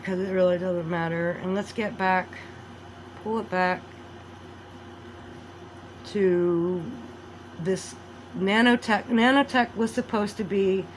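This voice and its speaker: A woman vlogging a rambling monologue, animated, swinging between loud outbursts and low mutters. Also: slight background noise, low-quality recording.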